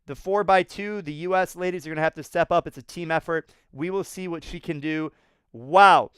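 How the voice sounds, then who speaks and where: A man hosting a swimming race recap, talking excitedly, laughing and often repeating himself. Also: on the high side, a little fast, clean tone, dry recording, clean studio sound. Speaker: swimming analyst host.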